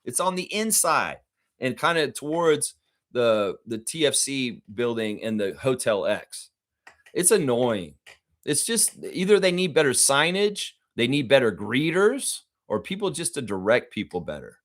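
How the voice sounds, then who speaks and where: A man's voice: mid-range voice, big pitch swings, measured pace, fairly bright tone. A man with a profane, heated manner, hosting a live reaction stream and reading out viewer comments. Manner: reads viewer comments aloud.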